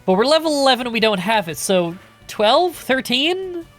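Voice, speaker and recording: A man streaming a game live, chatting in a relaxed, casual way with some swearing as he answers chat questions. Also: high-pitched, fairly quick, soft background music.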